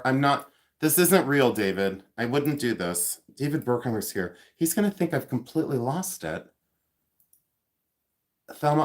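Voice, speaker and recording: Rambling self-mocking man in his fifties. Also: mid-range voice. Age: 50s. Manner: rambling and self-mocking, reads out viewer comments. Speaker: livestream host. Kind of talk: casual livestream chat.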